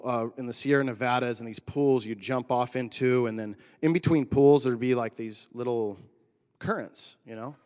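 A man's voice: medium pitch, darkish tone, clear, resonant tone, big-room sound. A man in his forties from Northern California telling a personal story as a pastor's sermon, in a conversational, emotional way with surfer slang. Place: church.

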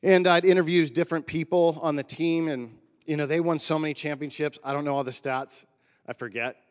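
Conversational pastor in a reverberant hall. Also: male voice, fairly high pitch, fairly quick. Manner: conversational, animated storytelling. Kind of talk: sermon.

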